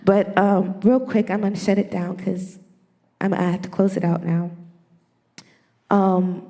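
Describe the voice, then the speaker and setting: Addressing the congregation directly, a female church elder delivers an animated testimony at a service. She speaks unhurriedly in a medium pitch with some vocal fry.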